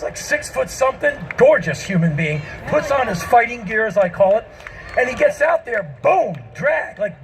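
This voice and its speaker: Emphatic high-voiced man in his fifties. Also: a little hiss or hum, rough recording. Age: 50s. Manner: emphatic, bursts into shouting, mimics people. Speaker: spoken-word performer. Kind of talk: stand-up storytelling. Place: outdoor festival stage.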